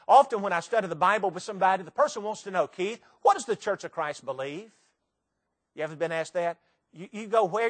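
High-voiced preacher. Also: male voice. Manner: dramatic recitation with sudden loud and soft swings; rhetorical questions to the congregation. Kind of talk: sermon.

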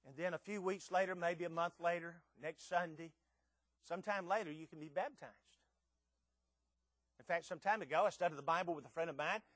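Male preacher, high voice, dry close sound; emphatic sermon delivery with repeated words and rhetorical questions. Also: fairly quick, no echo. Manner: emphatic, rising to loud peaks with rhetorical questions.

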